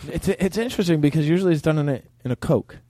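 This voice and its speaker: A man's voice: fairly high pitch, fast talker, dark tone, dry recording, studio quality. A male comedian guesting on a podcast, chatting playfully and laughing easily. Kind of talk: casual comedy chat.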